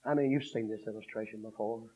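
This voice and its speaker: Husky preacher, shouting cadences. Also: male voice, lowish voice, fairly even intonation, quick pace. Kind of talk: revival sermon. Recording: dull lo-fi sermon recording.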